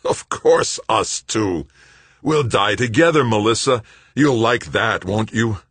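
A man voicing a manic, vengeful male saboteur who shouts, roars and gloats. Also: sits low, sing-song, brisk, breathy edge, dry recording, full character voice.

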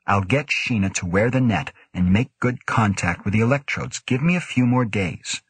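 Man doing a calm, earnest young researcher. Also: on the low side, normal speed, slightly rough, no echo. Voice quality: calm, reasonable.

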